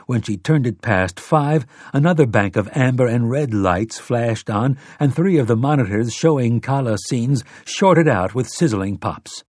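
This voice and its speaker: A man narrating an audiobook with steady, dramatic storytelling. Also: mid-range voice, measured pace, hardly any pauses, dry recording, studio quality. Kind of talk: scripted narration.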